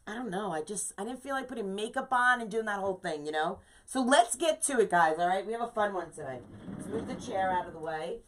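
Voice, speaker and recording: A chatty woman hosting a live craft tutorial from her home workspace. She talks casually and warmly to her viewers, greets them one by one and keeps tagging her steps with "okay?". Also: mid-range voice. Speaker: craft livestream host.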